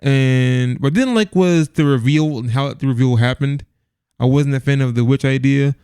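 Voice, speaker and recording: A man's voice: medium pitch, normal speed, warm tone, clear, resonant tone, no room sound, clean studio sound. A man co-hosting a casual movie review podcast, rambling with lots of restarts and laughs. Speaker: podcast co-host.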